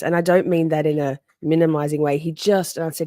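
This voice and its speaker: A woman's voice: low-pitched, quick pace, few pauses, darkish tone, no echo, studio quality. A woman hosting a casual livestream, chatty and sassy, reading out viewer comments, answering them, laughing often and swearing freely. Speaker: livestream host.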